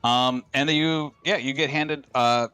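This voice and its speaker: A man runs a tabletop game as game master, his voice sitting at an ordinary pitch. He stops and restarts often, filling gaps with uh and um, while faint music plays underneath. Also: steady tone, sharp tone, clean tone, no room sound. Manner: halting, many fillers.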